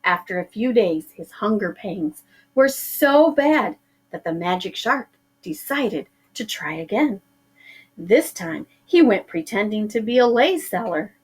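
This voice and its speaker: A woman teacher narrating a children's storybook aloud, slow and expressive. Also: mid-range voice, slightly rough.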